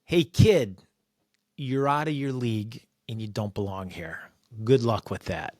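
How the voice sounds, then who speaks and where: A man voicing a domineering woman executive who swings from gushing praise to shouted insults. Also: mid-range voice, measured pace, dry recording, close to an everyday voice. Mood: cold. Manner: gushing one moment, shouting insults the next.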